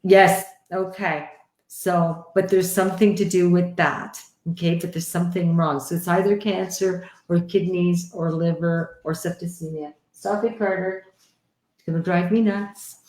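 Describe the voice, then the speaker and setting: A woman's voice: on the low side, steady tone, moderate pace, a little mellow, echoey room. A woman hosting a casual live stream from home, giving readings to viewers and chatting affectionately with them. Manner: chatty and affectionate, calls people honey and sweetheart. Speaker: livestream host giving psychic readings. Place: home, indoors. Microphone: headset or computer mic on a live stream.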